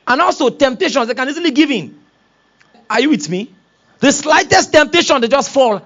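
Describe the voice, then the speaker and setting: Pastor man preaching, high lively voice, kinda dull lo-fi sound. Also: fast talker. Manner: animated, acts out quoted voices, laughs often. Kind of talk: sermon.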